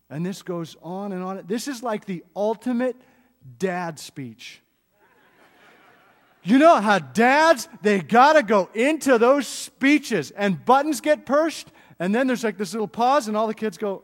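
A man preaching with animated, jokey storytelling and a notably high voice. He often drops soft and slow to make a point, and his voice echoes with a long reverb through a large hall. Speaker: pastor. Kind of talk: sermon.

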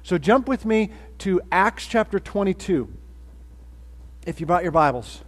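A man's voice: sits high, animated, unhurried. A man preaching a sermon as pastor, in a casual, joking way with fillers and restarts. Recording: long hall reverb.

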